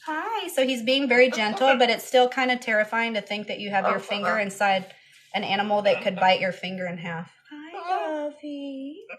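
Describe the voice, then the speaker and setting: A woman's voice: medium pitch, level tone, brisk, a crowd in the background. A young woman chatting casually on a live stream, cooing baby talk to her pet bird between answers to comments. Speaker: parrot owner live streamer.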